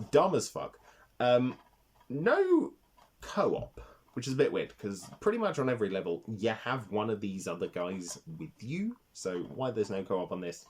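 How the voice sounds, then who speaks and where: A man's voice: medium pitch, a little mellow. A man hosting a casual retro game review vlog, talking with rambling enthusiasm and swearing freely.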